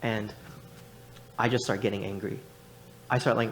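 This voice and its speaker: A man's voice: on the low side, steady tone, moderate pace. A young adult man preaching in church, telling a personal story with frequent restarts and repeated words. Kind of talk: sermon. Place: church sanctuary.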